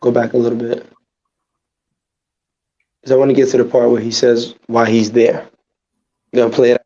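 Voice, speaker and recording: A man hosting a podcast in casual chat, giving quick, playful instructions in a gravelly, husky voice. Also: mid-range voice, level tone, mellow. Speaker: podcast host. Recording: dull lo-fi audio.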